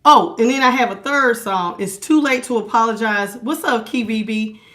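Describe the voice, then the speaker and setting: Woman tarot reader on a livestream, out of breath, chatty and laughy, kinda high voice. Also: normal speed, a bit bright. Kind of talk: casual livestream talk.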